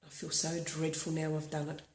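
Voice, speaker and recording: A woman's voice: sits low, completely flat delivery, brisk, darkish tone. A woman from Australia leading a guided tapping session, talking earnestly and repeating affirmations. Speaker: tapping practitioner. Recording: echoey room.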